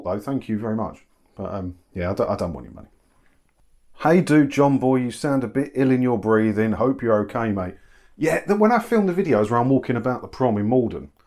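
A man's voice: lowish voice, a little mellow. A middle-aged man chatting casually from his kitchen, answering viewer comments with self-mocking humour and frequent laughs. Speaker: YouTube channel host. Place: kitchen at home.

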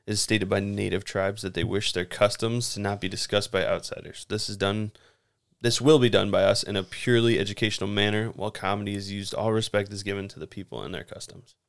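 A man's voice: on the low side, flat delivery, fairly quick, vocal fry, no room sound, clean studio sound. A man co-hosting a casual podcast chat, laughing often as he talks. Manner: laughs often, reads a respectful disclaimer. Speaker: podcast co-host.

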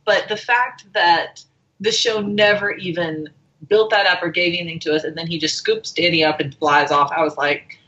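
A woman's voice: lowish voice, fairly even intonation, moderate pace, bright, forceful tone. A woman guest on a podcast, chatting casually and animatedly, laughing often and acting out quotes. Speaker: guest TV editor. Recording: dull lo-fi sound.

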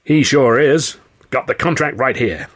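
A man's voice: medium pitch, expressive, unhurried, a bit bright, voice pushed up. A man voicing a big, clumsy, genial male film producer who talks in a folksy, easygoing way.

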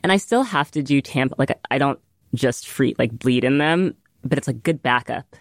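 A woman's voice: a bass voice, normal speed, no room sound, clean studio sound. A woman hosting a casual chat, enthusiastic and gushing over her guest. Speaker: host.

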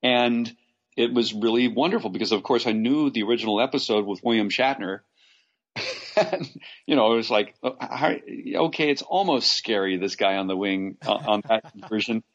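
A man from Los Angeles, an actor, telling stories in a casual interview, rambling with restarts and animated asides. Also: lowish voice, moderate pace, lo-fi sound. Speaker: actor guest.

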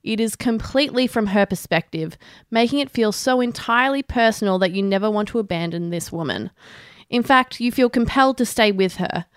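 A woman's voice: medium pitch, fairly quick, clean tone, no room sound. A woman, co-hosting a podcast and delivering a prepared review in a dry, sardonic manner, swearing freely. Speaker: podcast co-host. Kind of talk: prepared review read aloud.

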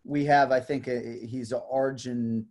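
Chatty male broadcaster, animated. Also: medium pitch, measured pace. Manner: animated, demonstrates name pronunciations. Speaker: combat sports broadcaster. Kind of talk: casual chat.

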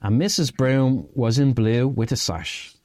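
A man hosting a casual podcast, reading verse in a slow sing-song and chatting with his co-host. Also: mid-range voice, mellow, no echo. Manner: reads a nursery rhyme in a slow sing-song. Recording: dry close mic with faint music behind.

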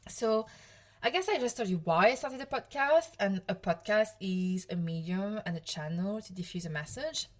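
A woman's voice: medium pitch, lively intonation, moderate pace. A woman in her thirties from Provence with a French accent, hosting her own podcast as a coach in a chatty, self-deprecating way with frequent laughs. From France, Provence. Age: 30s. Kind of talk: casual solo podcast talk.

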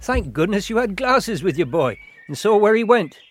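A man voicing a kindly male horse groom who speaks in a slow, hearty way. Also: high voice, very animated, background noise, pitched above the performer's own voice. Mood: relieved.

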